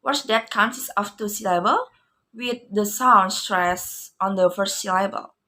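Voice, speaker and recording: A woman's voice: mid-range voice, a little slow, bright, forceful tone. A young woman with an Indonesian accent, reading a student class presentation on English stress and repeating each example word twice. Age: young adult.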